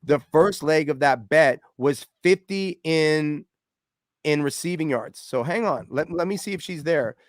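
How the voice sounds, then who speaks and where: A man's voice: on the high side, unhurried, no room sound. A man co-hosts a live sports betting stream, talking casually and animatedly. The recording is dry and close. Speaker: co-host of a betting watch party. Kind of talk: casual chat.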